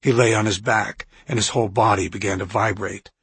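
A male narrator reads a novel aloud in a steady, even way. His voice is husky and sits a little low. The recording is close and dry. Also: brisk, no room sound. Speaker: audiobook narrator. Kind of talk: scripted narration.

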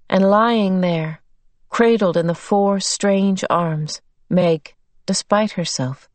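Unhurried woman audiobook narrator. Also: lowish voice, darkish tone, no room sound. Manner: measured, unhurried reading. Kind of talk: scripted narration.

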